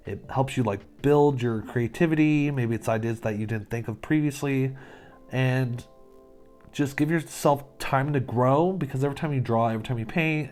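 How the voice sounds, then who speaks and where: A man's voice: mid-range voice, darkish tone. A man hosting his own art channel, chatting casually and upbeat about his drawings, often breaking into laughter. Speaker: artist and channel host. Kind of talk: casual art vlog narration.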